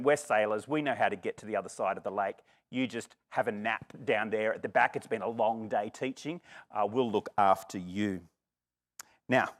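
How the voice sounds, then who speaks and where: A middle-aged man preaching a sermon, lively and expressive, acting out the voices in the story. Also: medium pitch. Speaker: pastor.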